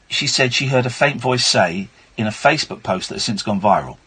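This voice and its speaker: A man's voice: medium pitch, expressive, fairly quick, sharp tone, breathy edge. A man hosting late-night radio, chatty and wry, reading a news story with asides. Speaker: radio host. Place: radio studio.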